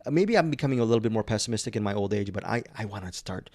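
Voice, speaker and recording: A man's voice: fairly low pitch, lively intonation, rapid-fire, darkish tone, dry recording. Man hosting with playful mock outrage. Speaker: podcast host. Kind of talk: casual podcast chat.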